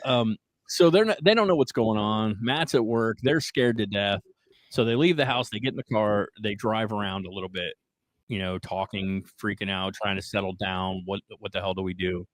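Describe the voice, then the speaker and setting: A man hosting a podcast, casually retelling a strange story in an animated way, often checking in with "right?" and "like". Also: on the low side, normal speed, no room sound, rough recording. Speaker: podcast host.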